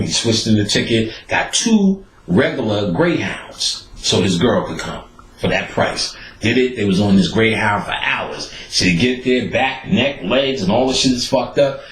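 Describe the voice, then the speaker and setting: A man hosting a podcast, telling stories in a profane, animated way and acting out the people he quotes. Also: lowish voice, roomy sound, poor audio. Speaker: podcast host. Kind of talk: casual storytelling monologue.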